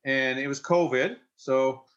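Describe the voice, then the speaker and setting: A Canadian man in his forties, a firefighter, telling an emotional personal story in an interview in a halting way, with many restarts. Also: mid-range voice, steady tone, a bit bright, lo-fi sound. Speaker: firefighter and investor.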